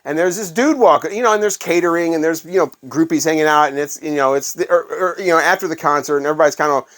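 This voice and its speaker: Middle-aged male host, casual storyteller, profane and meandering, slightly high voice. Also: quick pace. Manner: rambling, profane, animated anecdotes with restarts. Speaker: vinyl collector channel host.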